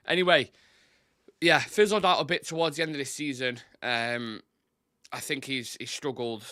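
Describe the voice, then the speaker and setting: A man's voice: mid-range voice, normal speed, pushed and bright, no echo, clean studio sound. A young man hosting a casual football chat show, talking loosely and swearing often. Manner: chatty, swears a lot, gets flustered with tech. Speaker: football podcast host.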